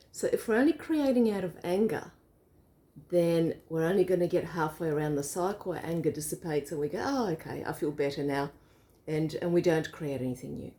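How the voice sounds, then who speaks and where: Mellow low-voiced woman explaining casually. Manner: explains with a visual demo, laughs easily. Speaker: co-host. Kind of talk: casual bedtime reflection chat.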